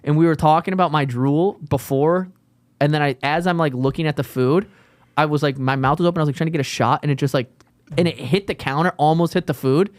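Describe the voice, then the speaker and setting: A man's voice: a little high, fast talker, dry recording. A man co-hosting a comedy podcast in casual chat, telling rambling, profane stories with many restarts. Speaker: podcast co-host.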